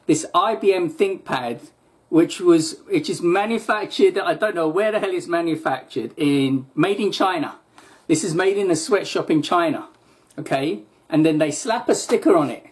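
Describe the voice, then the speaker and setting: A man's voice: on the high side, normal speed. A man telling a long, rambling story to camera in a casual vlog rant, correcting himself often and growing exasperated. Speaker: vlogger.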